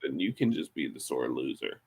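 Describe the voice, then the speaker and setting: A man's voice: rumbling low, very animated, moderate pace. A man hosting a casual podcast chat, brash and joking with lots of swearing. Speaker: podcast host.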